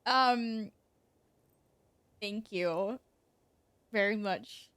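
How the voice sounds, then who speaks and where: A woman's voice: mid-range voice, extremely slow, fairly bright tone, clear, resonant tone, no room sound. A woman streaming a game, chatting casually to her viewers and exclaiming and giggling a lot. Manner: giggly, exclaiming, talks to chat. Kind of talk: casual gaming stream chat.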